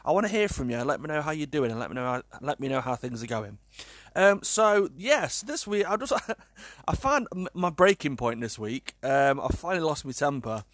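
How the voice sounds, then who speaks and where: A young British man talks casually to his viewers, exasperated and joking, with a fairly high voice. The recording is dry and close, with little room sound. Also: sing-song, normal speed, fairly bright tone, dry recording. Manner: chatty, exasperated, swears and laughs often. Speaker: vlogger. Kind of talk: casual chat to camera.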